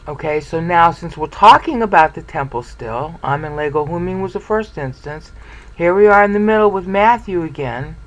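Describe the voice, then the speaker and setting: A Bible study presenter giving an informal screen-share lecture, excitable and thinking aloud, with uneven loudness that sometimes trails off. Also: medium pitch, moderate pace, rough recording.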